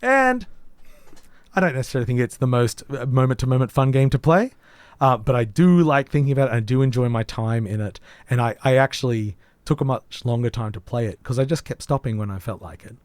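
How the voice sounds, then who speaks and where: A hoarse man, co-hosting a podcast and reviewing a game in casual, rambling chat with many ums. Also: medium pitch, lively intonation, brisk, no echo. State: hoarse, voice nearly gone. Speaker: podcast co-host.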